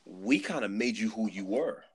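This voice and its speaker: Low-voiced man, animated. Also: moderate pace, slightly rough. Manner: animated, emphatic, repeats words as he restarts. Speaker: podcast guest. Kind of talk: casual chat.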